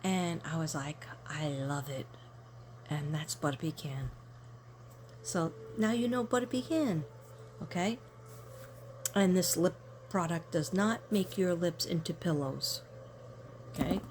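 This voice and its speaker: A woman's voice: lowish voice, animated, measured pace, pauses often, a little mellow, a little hiss or hum. A woman card reader chatting casually to camera, rambling through a story and talking to her viewers directly.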